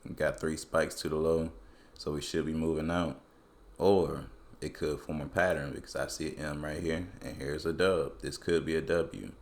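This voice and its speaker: A man's voice: a bass voice, moderate pace. A man casually talking through crypto price charts in loose, colloquial speech. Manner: relaxed, colloquial, loose phrasing. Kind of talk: casual screen-recorded chart analysis.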